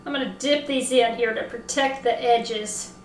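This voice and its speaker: A woman with a Southern accent hosting a casual cooking demo, chatting excitedly and talking to herself as she works. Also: fairly high pitch, normal speed, a little hiss or hum. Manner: chatty, excitable, talks to herself while working. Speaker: cooking show host. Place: home kitchen. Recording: echoey kitchen, mic at a distance.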